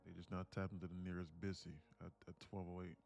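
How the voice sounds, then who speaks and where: Casual male streamer, low and gravelly, thinks out loud over his trades with mutters and excited spikes. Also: fast, soft background music. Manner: talks to himself, muttering then excited bursts, laughs often. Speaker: day trader streaming live. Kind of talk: casual live-stream commentary.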